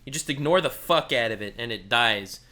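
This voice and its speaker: A man's voice: medium pitch, a little fast. A young man in casual commentary, reacting to a video with sarcasm, laughter and swearing. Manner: sarcastic, laughing, cursing, loose and animated.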